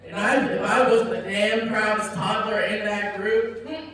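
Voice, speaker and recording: A woman's voice: medium pitch, fairly even intonation, unhurried, few pauses. A woman doing a stand-up set in a comedy club, with a brash, profane, punchy delivery. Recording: echoey club heard from far off with noise.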